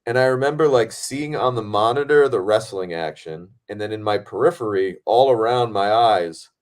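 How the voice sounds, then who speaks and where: Excitable low-voiced man telling stories. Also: normal speed. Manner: excitable, animated, swears freely. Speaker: podcast host and film director. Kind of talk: casual storytelling chat.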